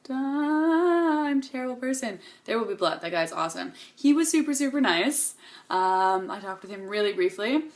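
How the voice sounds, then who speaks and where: A woman's voice: on the high side, animated, normal speed. A young woman vlogging to camera in a bubbly, gushing, chatty way, tired and coming down with a cold. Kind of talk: casual chat to camera.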